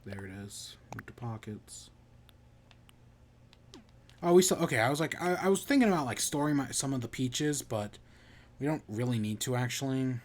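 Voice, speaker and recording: A man's voice: medium pitch, lively intonation, normal speed, long pauses. A man streaming a video game, chatting casually in rambling, self-correcting bursts. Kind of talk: casual gameplay commentary.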